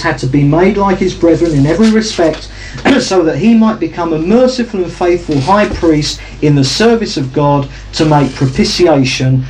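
A man's voice: a little high, a little mellow, rough recording. Guy preaching a sermon, voice swings up and down a lot, keeps asking the room questions, faint room noise. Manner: teaching, asks the audience questions.

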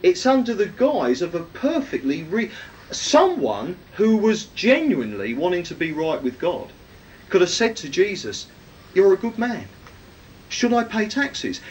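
A man preaching a sermon, teaching from the Bible and often asking his listeners questions. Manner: emphatic, rhetorical questions to listeners. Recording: distant mic, faint rumble.

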